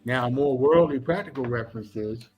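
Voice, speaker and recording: A middle-aged man and former police officer, a guest on a talk show, explaining in an animated, preachy way with many examples. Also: medium pitch, fairly quick, faint music behind. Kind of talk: casual talk show discussion.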